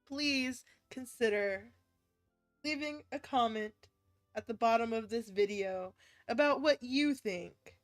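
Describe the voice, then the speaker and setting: Casual joking woman streamer. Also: fairly high pitch. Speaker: VTuber streamer. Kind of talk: casual game stream chat.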